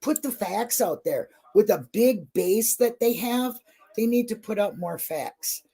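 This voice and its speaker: A woman's voice: mid-range voice, lively intonation, a little slow, warm tone, husky. A woman talking in a casual livestream chat about true crime, emotional and effusive, blunt and not shy about swearing. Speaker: true crime channel guest.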